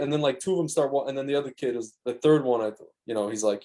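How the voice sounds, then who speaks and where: A man co-hosting a podcast rambles through stories in casual chat, acting out the quotes. His medium-pitched voice is warm and fast.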